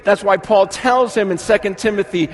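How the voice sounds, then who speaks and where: A man in his forties preaching a sermon to a live congregation, animated and quick to act out the people he quotes, swinging between urgent and hushed. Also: high-pitched. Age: 40s. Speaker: pastor.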